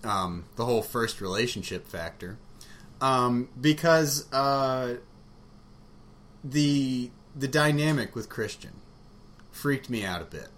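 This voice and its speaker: A man in casual, frank conversation about a book, rambling with fillers and quick laughs. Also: medium pitch, animated, a bit bright. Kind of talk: casual chat about books. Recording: faint background noise.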